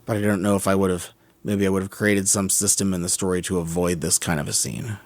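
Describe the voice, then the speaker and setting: A man's voice: sits low, little pitch movement, fairly quick. A man co-hosting a podcast, talking through a movie's scenes in a musing, critical way and often correcting himself mid-sentence. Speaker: podcast co-host. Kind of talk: casual film discussion.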